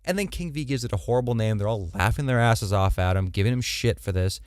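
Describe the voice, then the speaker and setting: A man co-hosting a podcast, chatting casually and animatedly, swearing and slipping into quick mock voices. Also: lowish voice, a little mellow, clean tone, no echo, studio quality. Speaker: podcast co-host. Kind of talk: casual chat.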